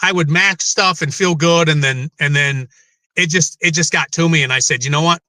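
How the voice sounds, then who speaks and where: A man's voice: a little high, normal speed, pushed and bright, no echo. A middle-aged man speaking as a guest in a candid interview, rambling, emotional and swearing freely.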